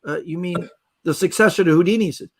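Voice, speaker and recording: High-voiced Canadian man telling stories. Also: quick pace. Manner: animated storyteller acting out quoted voices. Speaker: magician guest. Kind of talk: casual storytelling on a podcast.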